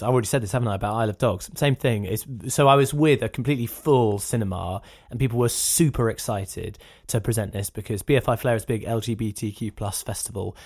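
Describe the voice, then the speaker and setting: Fast-talking film podcast host. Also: male voice, mid-range voice, no room sound, studio quality. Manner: animated, laughing, quick-talking. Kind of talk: casual chat.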